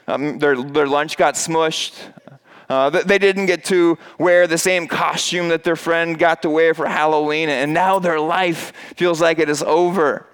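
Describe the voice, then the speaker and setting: A man preaching to his congregation in a church, with a smooth, resonant voice set a little high. He keeps it conversational, trips over a word now and then, and fills pauses with "uh". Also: fairly even intonation. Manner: conversational preaching with fillers and restarts; acts out quoted voices in a raised pitch. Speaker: pastor. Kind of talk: sermon. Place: church with a screen behind him.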